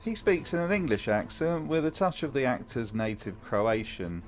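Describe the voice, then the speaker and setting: A man's voice: medium pitch, very animated, moderate pace, soft background music. A man hosting a comedic video essay, narrating with dry, mocking commentary.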